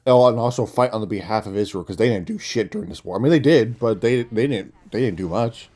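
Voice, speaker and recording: Young man, low-pitched voice, casual rant, blunt, frequent swearing, mocking asides, phone mic. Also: quick pace, darkish tone. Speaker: commentator.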